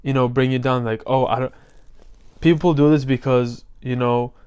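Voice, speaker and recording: A man's voice: mid-range voice, steady tone, moderate pace, darkish tone, smooth. A young man giving a casual motivational vlog talk as a self-improvement coach, loose and slangy, with lots of fillers.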